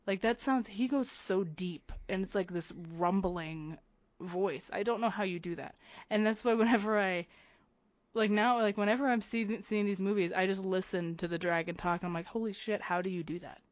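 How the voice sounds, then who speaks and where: A young woman co-hosting a casual podcast, gushing in quick, excited bursts and swearing freely. Her voice sits at an ordinary middle pitch. It sounds close and dry, with no room around it. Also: no echo, muffled recording. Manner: excited, profane, fast bursts. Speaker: podcast co-host. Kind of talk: casual chat.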